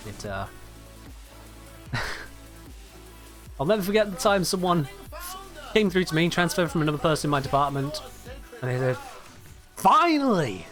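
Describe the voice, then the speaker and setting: British male game streamer, animated delivery, rambling casual chat, faint music under him. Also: fairly high pitch. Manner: chatty, rambling, reads chat aloud and chuckles often. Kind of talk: casual live-stream chat while gaming.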